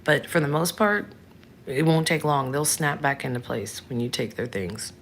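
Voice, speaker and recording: A woman's voice: a bass voice, moderate pace, a little hiss or hum. A woman in her thirties hosting a casual livestream, chatting frankly and answering viewers by name. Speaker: livestream host.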